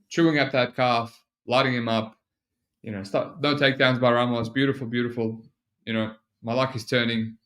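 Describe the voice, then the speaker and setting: A man's voice: medium pitch, fairly bright tone. A man hosting a solo podcast, talking casually and rambling, with lots of fillers and restarts. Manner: rambling, self-mocking, frequent fillers and restarts. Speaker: podcast host.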